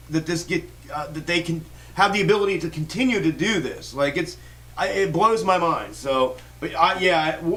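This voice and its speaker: A man's voice: high voice, bright, forceful tone, low-quality recording. A man hosting a stock market livestream, talking in a fired-up, rambling way with lots of swearing, restarts and fillers while he answers viewer comments. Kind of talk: casual livestream chat reading viewer comments.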